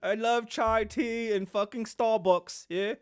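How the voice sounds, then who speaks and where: A man playing a jittery royal man, forced cheer, high-pitched, wavering. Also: fairly even intonation, slow pace, clear, resonant tone. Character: mocking impression of an anxious royal man.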